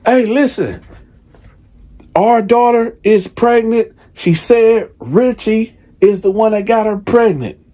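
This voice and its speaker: A man voicing a furious father who shouts threats over the phone. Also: high-pitched, slow pace, pitched above the performer's own voice. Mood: insistent.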